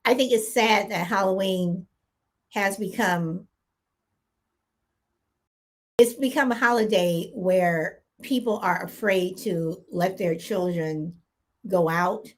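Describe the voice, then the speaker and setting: Middle-aged woman, opinionated podcast co-host, mid-pitched, animated. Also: slow pace. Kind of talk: casual chat.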